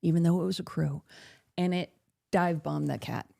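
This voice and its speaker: A woman podcast host telling a story in casual chat. She talks in an animated way, swears freely and laughs often. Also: lowish voice, normal speed, creaky.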